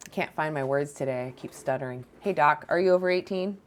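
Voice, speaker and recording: A woman's voice: low voice, quick pace, a little hiss or hum. A woman hosting a live debate stream, challenging callers in a scolding, confrontational way. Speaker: livestream host debating callers.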